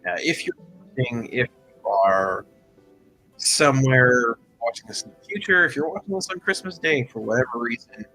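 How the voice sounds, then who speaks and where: A man's voice: medium pitch, animated, moderate pace, pushed and bright, soft background music, low-quality recording. A man hosting a livestream, telling a story in a chatty, rambling way full of asides. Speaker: host.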